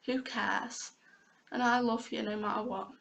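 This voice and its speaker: A woman's voice: on the high side, steady tone, unhurried, gravelly, fairly bright tone. A young woman talking frankly and with feeling in a personal vlog, near tears and swearing casually. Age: young adult. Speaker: vlogger.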